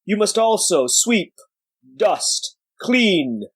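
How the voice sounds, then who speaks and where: A man voicing a century-old giant warrior monk elder, sad and gruff, speaking slowly and weightily. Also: high-pitched, very animated, no echo, pitched above the performer's own voice, full character voice. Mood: solemn. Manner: slow, weighty, sorrowful delivery.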